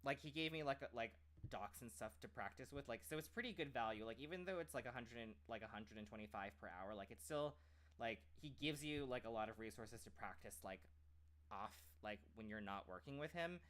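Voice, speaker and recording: A man's voice: mid-range voice, a little fast, a bit bright. A man who streams and trains as a voice actor, chatting casually and rambling, with many "like" fillers and restarts. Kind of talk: casual chat.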